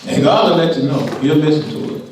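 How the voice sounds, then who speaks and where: A man's voice: a little high, quick pace, a little hiss or hum. Guy preaching a sermon, chatty and playful with the verses, roomy echo, kinda far from the mic. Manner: lively, conversational preaching with playful paraphrases. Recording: echoey room from far off.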